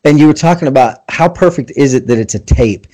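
A man's voice: mid-range voice, fast, dark tone. A man hosting a podcast in casual chat, enthusiastic and laughing often, acting out his own thoughts as quotes. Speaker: podcast host.

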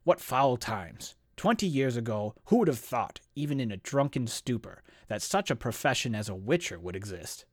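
A man's voice: mid-range voice, expressive, normal speed, few pauses, no room sound, studio quality, natural voice. A man reading aloud the lines of a weary middle-aged castellan, lightly acted.

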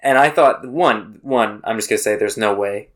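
A man's voice: fairly low pitch, normal speed. A young man co-hosting a casual podcast, joking and hesitant with stumbling restarts. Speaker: podcast co-host. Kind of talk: casual chat.

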